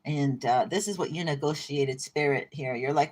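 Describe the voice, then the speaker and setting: A woman reading tarot cards in a casual, rambling way. Her voice sits a bit low. She is irreverent and breaks into laughter often. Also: normal speed, hardly any pauses, a little mellow. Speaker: tarot reader. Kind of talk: casual spiritual card reading.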